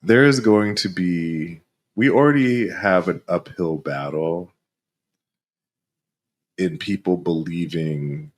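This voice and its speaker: A man co-hosting a comedy podcast from a living room, speaking in a measured way and hedging his words carefully. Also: low-pitched. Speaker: podcast co-host. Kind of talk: casual comedic chat.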